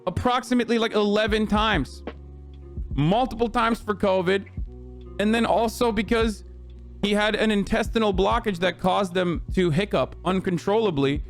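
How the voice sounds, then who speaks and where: A male streamer doing casual commentary, joking, swearing and animated. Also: sits high, normal speed, faint music behind.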